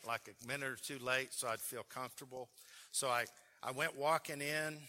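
A pastor delivers a storytelling sermon in a sharp, very forceful voice. He talks earnestly and with emotion, often stumbling over and repeating his words. It sounds like he is speaking from the pulpit of a church. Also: medium pitch. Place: church sanctuary.

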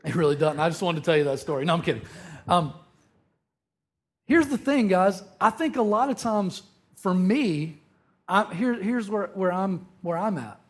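A man's voice: high voice, moderate pace. A man in his thirties giving a conversational sermon, telling a humorous story and often checking in with his listeners. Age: 30s. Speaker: preacher.

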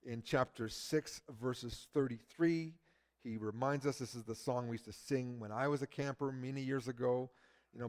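A middle-aged man preaching a sermon, who swings from loud emphasis to a hushed near-whisper. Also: medium pitch, normal speed. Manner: acts out quoted people in lively voices. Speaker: pastor.

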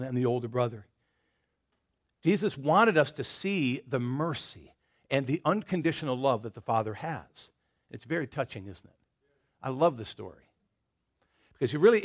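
A man with a Southern American accent preaching a sermon in a conversational way, moving between loud emphatic lines and hushed ones. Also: medium pitch. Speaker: pastor.

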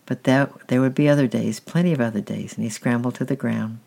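A man narrating a storybook with a calm, steady reading. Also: medium pitch, brisk, vocal fry.

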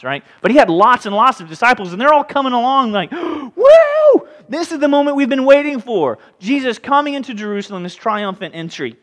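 A man preaching a sermon as pastor, lively, often acting out the voices of people in the story. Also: high-pitched. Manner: animated, acts out voices in the story. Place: church sanctuary. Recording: hall reverb.

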